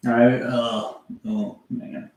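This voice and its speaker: A man's voice: mid-range voice, level tone, very slow, a little mellow. A man chatting casually on a music livestream, rambling and meandering, swearing offhandedly and answering his chat as he goes. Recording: echoey room.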